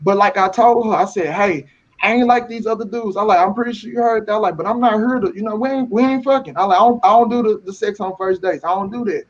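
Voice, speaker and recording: A man's voice: high voice, quick pace, hardly any pauses. A man telling a dating story in laid-back slang, with many restarts. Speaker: panel guest. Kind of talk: casual storytelling. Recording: dull lo-fi sound.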